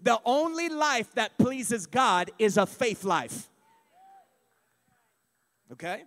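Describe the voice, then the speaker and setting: High-voiced preacher in an echoing hall. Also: male voice, big pitch swings, takes it slowly. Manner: emphatic, rising to shouts. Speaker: pastor. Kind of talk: sermon. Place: church sanctuary. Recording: long reverb of a church hall.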